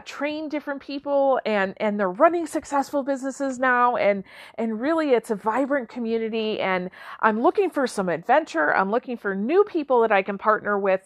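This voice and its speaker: A woman plays an enthusiastic newcomer man who gushes about the people he loves. He is warm and keen. The voice is fairly high, close and dry. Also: dry recording, lightly acted. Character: cheerful eager man seeking new partners.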